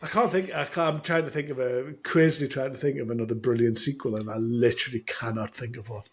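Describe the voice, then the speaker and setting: A man co-hosting a casual podcast chat, rambling and self-deprecating with halting restarts. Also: mid-range voice, fairly even intonation. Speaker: podcast co-host.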